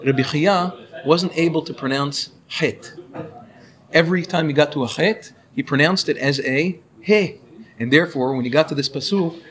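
A man's voice: on the high side, normal speed. A man teaching a class, explaining and asking his students questions as he goes. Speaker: Torah teacher. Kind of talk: classroom lecture on Hebrew pronunciation.

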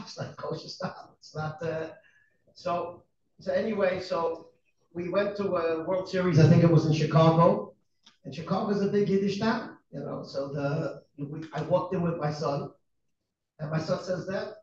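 A man with a high-pitched voice tells a lively story to an audience, laughing often and acting out each person he quotes. He sounds far from the mic in a very echoey hall, and the sound is dull with faint noise behind him. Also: moderate pace. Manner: animated, laughs often, acts out other speakers in the story. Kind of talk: anecdote told to an audience.

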